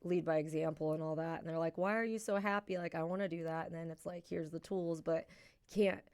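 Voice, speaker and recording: A young adult woman co-hosting a podcast, chatting casually and telling animated stories in which she acts out what people said. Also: low voice, a little fast, clean tone. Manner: animated storyteller who acts out quoted voices. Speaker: podcast co-host. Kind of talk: casual chat and storytelling.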